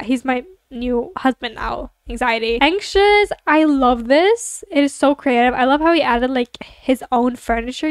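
A young woman giving casual, giggly commentary while playing an online building game with her subscribers, often gushing and excited. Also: high voice, clean tone, no room sound, studio quality. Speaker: gaming YouTuber.

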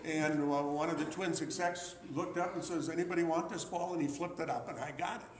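A man's voice: a little high, steady tone, fairly quick, echoey room, poor audio. A man in his sixties telling rambling, chatty anecdotes to an audience, with restarts and uh's along the way. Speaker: memorabilia collector giving a talk. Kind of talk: anecdotal storytelling talk to an audience.

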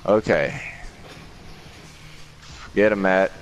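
Exasperated gamer guy, low voice. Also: drawn-out words, highs cut off, a little hiss or hum. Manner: exasperated, swearing, laughing at failures. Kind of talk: casual gaming chat.

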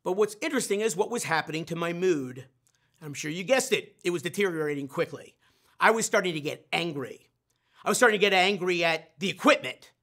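A man's voice: high-pitched, animated, fairly quick, sharp tone. A middle-aged man, a sales trainer, telling a self-mocking story in a live online training session and putting questions straight to his audience.

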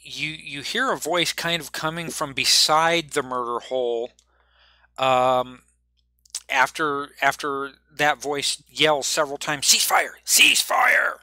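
A man narrating a tabletop game as game master, talking haltingly with many fillers and restarts. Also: medium pitch, fairly even intonation, bright, forceful tone, no echo.

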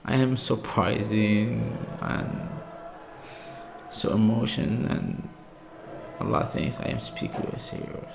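A man from Algeria with an Algerian accent, reacting to a video in awed, halting English with many exclamations. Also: fairly low pitch, lively intonation, gravelly, background noise. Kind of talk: casual reaction commentary.

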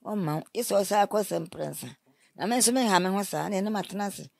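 Woman, nineties, from Ghana, gravelly, storytelling interview, dry close sound. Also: mid-range voice, fast talker, no echo. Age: 90s. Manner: animated, advising, acts out quoted speech.

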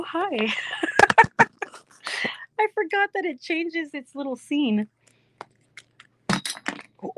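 A woman's voice: high voice, background noise. A woman chatting casually with viewers on a live stream from her phone, bubbly and effusive, often slipping into a little kid voice.

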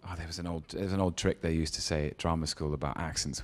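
A man's voice: a bass voice, fairly even intonation, fast, few pauses. A man answering interview questions in a hesitant, thoughtful way, with frequent ums and laughs. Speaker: guest. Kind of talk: casual interview chat.

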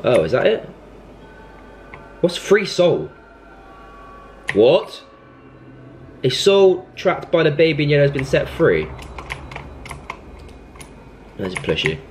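A man's voice: on the high side, sing-song, slow, pauses often, a little mellow. Young guy playing a horror game, voice leaping all over the place, bit of hiss behind. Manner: jumpy, panicky outbursts, scolding the game baby. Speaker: gaming YouTuber.

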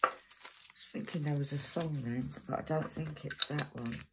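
This is casual crafting talk from a woman whose low-pitched voice holds a steady tone at a moderate pace. She rambles chattily and reads codes aloud mid-task, while packets crinkle loudly in a very noisy recording.

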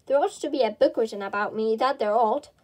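A woman's voice: on the high side, brisk, darkish tone, natural voice. A woman reading the lines of Alice, a curious, fretful little girl who talks to herself. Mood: musing.

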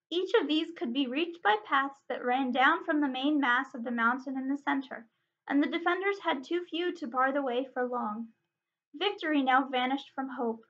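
A woman librarian giving a steady, expressive read-aloud narration of a storybook. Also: sits high, lo-fi sound.

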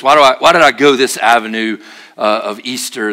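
A man preaching a sermon at church, telling stories with jokes and acted-out voices, then dropping to a quiet, earnest tone for serious points. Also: medium pitch, brisk. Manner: animated, jokey storytelling with acted-out voices. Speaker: pastor.

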